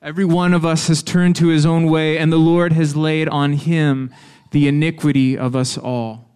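A man leading a responsive scripture reading in church with a measured, steady manner. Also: a little high, clear, resonant tone. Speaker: worship leader.

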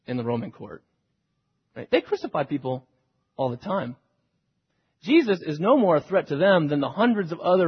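A man preaching with a fairly high, husky voice that drops to a hush and then swells loud again. The sound is dull and slightly muffled, with a long reverb trailing through a big hall. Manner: dramatic, swings between hushed and loud delivery. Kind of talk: sermon retelling a scripture story.

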